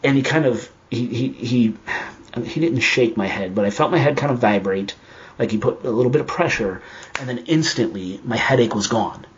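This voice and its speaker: Animated man recounting a story. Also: medium pitch, moderate pace, highs cut off. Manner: animated, acts out his own reactions in quotes. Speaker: podcast guest telling a personal story. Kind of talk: casual storytelling.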